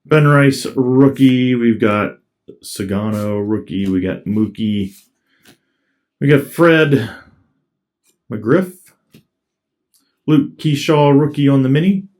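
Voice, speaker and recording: A man's voice: medium pitch, slow, pauses often, a little mellow. A man casually commenting as he opens trading card packs, reading off each card in a laid-back way. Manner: laid-back, reads off cards as he goes. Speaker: card collector opening packs.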